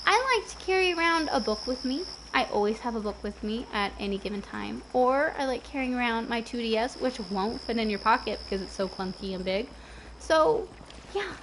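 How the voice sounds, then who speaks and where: A woman's voice: fairly high pitch, animated, moderate pace, fairly bright tone. A young woman in her twenties chatting casually with her viewers while playing a game, rambling from topic to topic. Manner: chatty, rambling, talks to chat. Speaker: game streamer. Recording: noisy stream audio.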